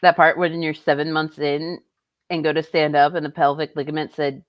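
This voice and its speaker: A woman's voice: sits low, little pitch movement, moderate pace, no echo, lo-fi sound. A young woman streaming live, reacting in a blunt, profane and sarcastic way. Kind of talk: casual live-stream commentary.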